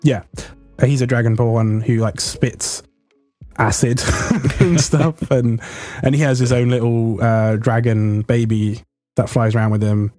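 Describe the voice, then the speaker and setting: A man's voice: mid-range voice, steady tone, measured pace, warm tone, no room sound, faint music behind. A young man chatting as a guest in an interview, rambling with lots of fillers and restarts. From United Kingdom. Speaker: guest player. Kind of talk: casual interview chat.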